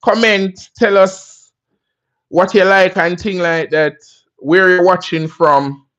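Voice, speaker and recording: A man's voice: high voice, steady tone, slow, a bit bright, muffled recording. A Jamaican man hosting a casual livestream, talking in a laid-back, chatty way and often asking "you understand me?". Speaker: livestream host.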